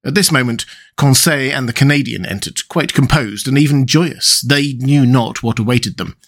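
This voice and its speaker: A man narrating a classic novel in a measured, steady reading voice. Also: medium pitch. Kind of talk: audiobook narration.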